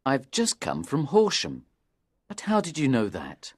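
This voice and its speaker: A man's voice: mid-range voice, wildly swooping pitch, measured pace, breathy edge, no echo, heavily acted. A man plays a nervous young man in his twenties who has come for help, in a storybook for English learners. His delivery is earnest and pleading, rising and falling a lot, in a dry, close sound. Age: 20s.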